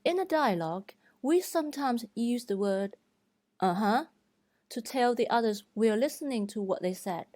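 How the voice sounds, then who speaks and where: A woman teaching Mandarin tones, speaking deliberately and clearly as she demonstrates each pitch. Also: expressive, darkish tone, dry recording. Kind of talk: slow, careful tutorial narration.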